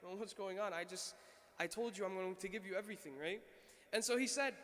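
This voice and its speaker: A man's voice: sits high, fairly quick, fairly bright tone, in a large hall. A man delivering a Friday sermon, telling a story in an earnest way and often asking "right?". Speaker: khatib giving Friday sermon. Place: mosque prayer hall.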